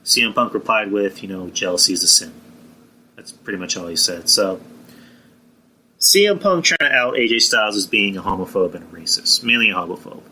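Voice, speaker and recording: A man's voice: lowish voice, animated, a little fast, bright, forceful tone, slight background noise, low-quality recording. A man hosting a live wrestling stream, rambling in a casual, profane way and answering viewers in the chat. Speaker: podcast host.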